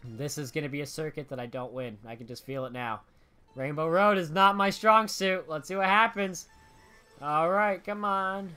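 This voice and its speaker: A young man streaming a racing game live, muttering his moves and then yelling and swearing when he gets hit. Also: on the high side, moderate pace, clear, resonant tone, soft background music. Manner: swings from muttering to shouting outbursts, swears a lot. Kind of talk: live gameplay commentary.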